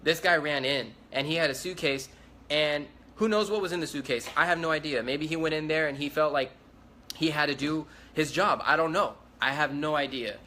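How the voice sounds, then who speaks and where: A man's voice: on the high side, normal speed, pushed and bright, a little hiss or hum. A young man giving a rambling, repetitive eyewitness account in a casual livestream. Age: young adult. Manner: rambling, repetitive, urgent retelling. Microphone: phone livestream.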